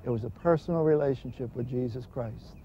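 A man's voice: mid-range voice, fairly quick. A man giving an earnest, emphatic personal testimony. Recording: dull lo-fi recording with faint hiss.

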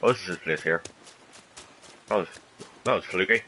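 A man's voice: low-pitched, moderate pace, bright, forceful tone, slight background noise, rough recording. A man hosting a gaming channel, giving casual gameplay commentary in a profane, self-mocking way.

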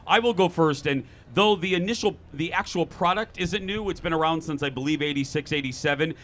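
Bright-voiced male talk show host. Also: fairly high pitch, brisk. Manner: lively, jokey storytelling. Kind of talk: casual chat. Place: outdoors at a state fair.

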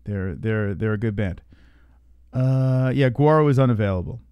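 Male host, casual fight-stream banter, crude and joking, clear voice in a dry room. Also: on the low side, moderate pace, dry recording, highs cut off.

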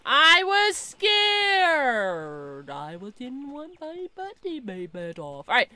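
A young woman streaming a game, chatting casually, giggling and calling out excitedly to the animals in the game. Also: high voice, slow pace, no echo. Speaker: gaming streamer. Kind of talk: casual gameplay commentary.

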